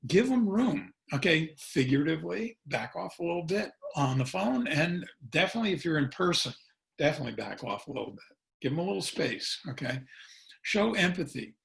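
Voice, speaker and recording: Gravelly-voiced folksy man giving a presentation. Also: on the high side, sing-song, a little fast. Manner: folksy, chuckling, peppers talk with "okay?"; acts out sample phone dialogue. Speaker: consultant and educator presenting. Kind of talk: webinar presentation.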